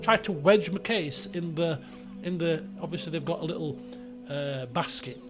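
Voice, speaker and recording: High-voiced man telling a rambling story. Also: moderate pace, over music. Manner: animated storyteller, many restarts and asides. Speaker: let's play host. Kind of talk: rambling personal anecdote.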